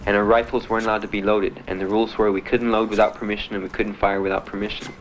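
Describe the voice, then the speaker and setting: A man's voice: on the low side, little pitch movement, fast talker, slight background noise, rough recording. A young American man from Miami, a veteran bluntly and matter-of-factly telling his own story with dry laughs. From United States (Miami). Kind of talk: candid spoken testimony.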